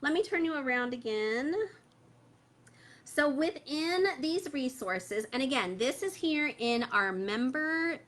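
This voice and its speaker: A woman's voice: high voice, expressive, slow pace, a bit bright. A woman hosting a parents' livestream, chatting casually with many fillers and reading viewer comments aloud, with a phone held close. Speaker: host of a parent membership group.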